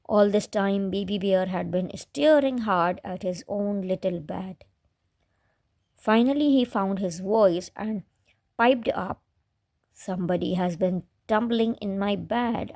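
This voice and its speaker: A woman reads a children's fairy tale aloud at an unhurried, deliberate pace. Her voice is mellow and soft, with a gentle storybook lilt. She sits at a middle pitch for a woman. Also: gravelly.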